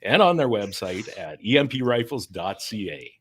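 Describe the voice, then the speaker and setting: A man's voice: lowish voice, very animated, normal speed, breathy edge. A man co-hosting a casual podcast, wry and laughing often, muttering asides and reading sponsor spots. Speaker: podcast co-host.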